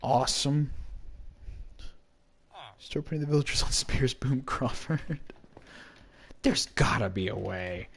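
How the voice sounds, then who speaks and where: Animated rambling male game streamer. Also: medium pitch, slow, gravelly, pauses often, husky. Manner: rambling, jokey, talks to himself. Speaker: streamer playing a block-building game. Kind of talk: casual live-stream chatter.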